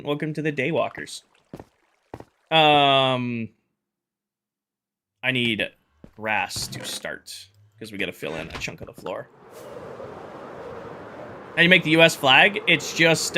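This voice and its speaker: Male live streamer, casual thinking-aloud chatter, crisp bright tone, medium pitch. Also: a little hiss or hum. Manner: chatty, thinks aloud and greets chat viewers. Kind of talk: casual live-stream chat while gaming.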